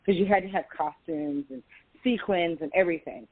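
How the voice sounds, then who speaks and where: A woman's voice: fairly low pitch, animated, moderate pace, slightly rough. A woman in her forties telling stories in a casual interview, with a Valley girl way of talking and lots of laughter. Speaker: podcast guest. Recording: tinny phone-like line.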